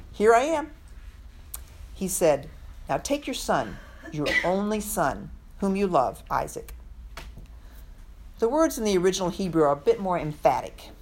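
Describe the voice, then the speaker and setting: A woman's voice: on the low side, a little mellow. A woman teaching a women's Bible study, earnest and reflective, acting out the scripture quotes as she goes.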